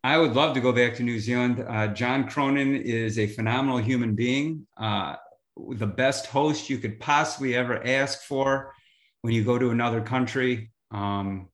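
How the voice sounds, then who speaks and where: A man who teaches high school history and coaches, talking in a relaxed, rambling way as a podcast guest. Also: normal speed. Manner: relaxed, rambling, many fillers. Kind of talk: casual interview chat. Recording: roomy echo.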